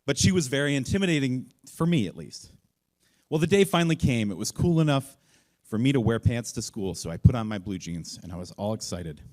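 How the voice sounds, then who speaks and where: A man telling a funny personal story on stage at a live event, self-mocking and acting out the voices in it. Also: brisk. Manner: animated, self-mocking, acts out voices with big jumps in pitch.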